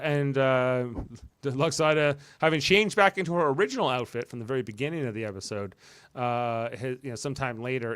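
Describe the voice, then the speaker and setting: A man's voice: medium pitch, a bit bright, clean tone, no room sound. Man recapping a show in playful voices. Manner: retells scenes in quick playful voices. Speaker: podcast host. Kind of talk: casual episode recap.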